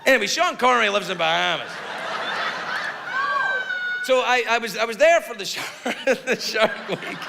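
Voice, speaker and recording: A man performing a stand-up comedy routine, telling a story in a profane, animated way and throwing asides to the crowd. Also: very high-pitched, normal speed, creaky, long pauses, heavy background noise. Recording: live in a large hall with audience laughter.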